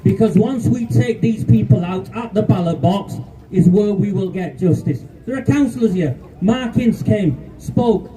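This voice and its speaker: A man's voice: high voice, unhurried, dark tone. A man, giving an angry, defiant speech at a street protest. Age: 50s. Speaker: rally speaker. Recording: distant outdoor mic.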